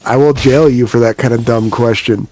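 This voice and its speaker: A man's voice: medium pitch, steady tone, moderate pace, darkish tone, a little hiss or hum. Profane joking man game master. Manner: profane, joking, exasperated rants. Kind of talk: running a tabletop game.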